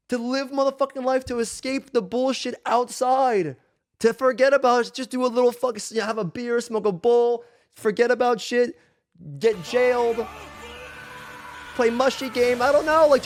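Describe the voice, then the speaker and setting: A man streaming games, ranting in casual chat with heated, profane emphasis. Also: very high voice. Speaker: game streamer. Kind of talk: casual live-stream rant.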